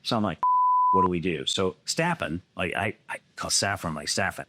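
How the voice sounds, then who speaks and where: Guy with a low voice telling a crazy hunting story, swears constantly, noisy mic. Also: normal speed. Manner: animated, swears a lot, acts out other people's lines. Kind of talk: casual storytelling.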